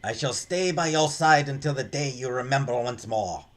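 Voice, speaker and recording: A man's voice: medium pitch, moderate pace, close to an everyday voice. Man doing a flowery French-accented gallant. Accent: French (put on). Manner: flowery, courtly, romantic. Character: snooty French-accented young male art graduate.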